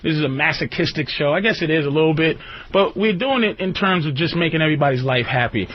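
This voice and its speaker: Radio host type, man, high lively voice, profane comic ranter, muffled lo-fi broadcast sound. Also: fast. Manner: animated, swings into high squeaky outbursts, laughs often.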